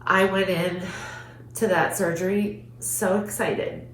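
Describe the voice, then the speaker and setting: Speaking slowly in a level, fairly bright mid-range voice, a woman podcast host recounts a personal story with heartfelt sincerity, often filling pauses with "like." Her audio carries a roomy echo and a faint hum.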